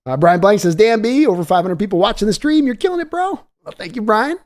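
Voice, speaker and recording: A man hosting a live-streamed draft show, talking in a chatty, excitable way and reading viewer donations aloud. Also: sits high, fast. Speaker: livestream draft host.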